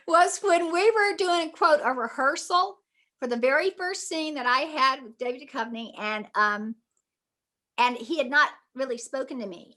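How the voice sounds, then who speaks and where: Bright high-voiced actress. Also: female voice. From Mississippi. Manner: animated storyteller, laughs often. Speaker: guest actress. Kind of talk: casual interview recollection.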